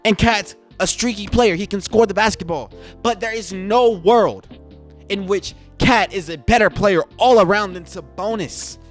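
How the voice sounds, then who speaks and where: A man rants in a casual podcast style, his voice sitting a little high. He talks with indignant emphasis and keeps firing rhetorical questions. Faint music plays underneath. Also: moderate pace. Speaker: podcast host. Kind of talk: casual sports rant.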